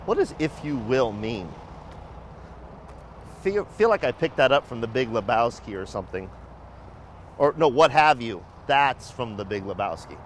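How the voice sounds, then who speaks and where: A man's voice: mid-range voice, moderate pace, long pauses, a little hiss or hum. Upbeat joking man hosting a walkaround tour. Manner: upbeat, joking, loud and lively. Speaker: host of a company video show. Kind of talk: casual walking tour vlog. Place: outdoors by a building, then indoors in a lobby and shop.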